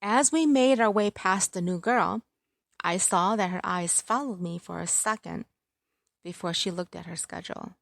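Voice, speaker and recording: A woman's voice: medium pitch, moderate pace, gravelly, no room sound, clean studio sound. A woman narrating a romance story in the first person, in a wry, conversational way.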